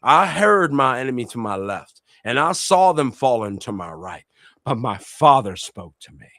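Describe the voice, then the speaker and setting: A man's voice: medium pitch, very animated, moderate pace, pushed and bright, no room sound. A middle-aged man from Puerto Rico sharing a personal testimony in a religious discussion, speaking with passion and repeating his key phrases for emphasis. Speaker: co-host and minister.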